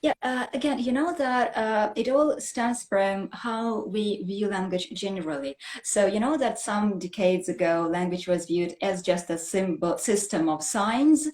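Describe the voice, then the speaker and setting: A woman English teacher, explaining language points in an animated, conversational way and often checking in with "right?". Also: mid-range voice, a little slow, few pauses. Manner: animated, explanatory, frequent "you know" and "right?".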